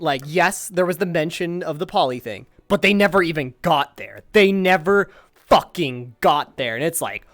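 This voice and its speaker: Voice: medium pitch, expressive, moderate pace, a bit bright, no room sound, clean studio sound. A streamer chatting casually to viewers out of character, rambling and exasperated, swearing heavily. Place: at home, recording in virtual reality.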